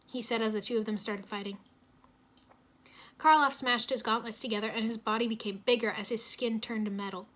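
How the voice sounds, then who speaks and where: Bright-voiced woman narrating a story. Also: on the high side, fairly even intonation, brisk. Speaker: reader. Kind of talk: reading fan fiction aloud.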